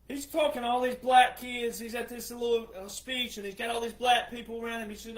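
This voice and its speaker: A man hosts his own opinion show, scornful and mocking as he talks. His voice sits high for a man and moves between muttered asides and loud outbursts. The room around him is echoey. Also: flat delivery, brisk, hardly any pauses. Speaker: political commentator host. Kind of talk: opinionated casual monologue.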